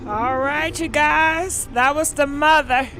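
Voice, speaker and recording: A woman's voice: high voice, steady tone, slow pace, fairly bright tone. A woman hosting a casual livestream, chatting directly with her viewers as she comments. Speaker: livestream host.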